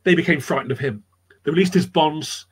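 A man's voice: a little high, brisk, slightly rough. A man telling history anecdotes in a rambling, chatty way on a live chat show, repeating his words as he goes. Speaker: storyteller guest.

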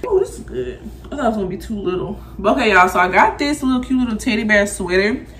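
A woman's voice: mid-range voice, animated, fast, a bit bright, echoey room, distant mic, a little hiss or hum. A young woman chatting casually to viewers as she unboxes clothes and bags, full of slang. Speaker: vlogger.

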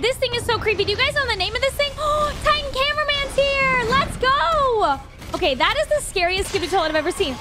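A woman hosting a reaction video, excitable, gasping often and talking to her viewers as she watches an animation. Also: very high voice, brisk, very noisy.

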